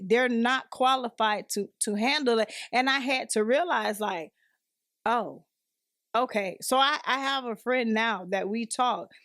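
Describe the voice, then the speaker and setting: A woman with a slightly high, fairly bright voice appears as a podcast guest, earnestly telling her personal story and acting out what other people said. It's conversational personal testimony, recorded cleanly in a studio with no echo.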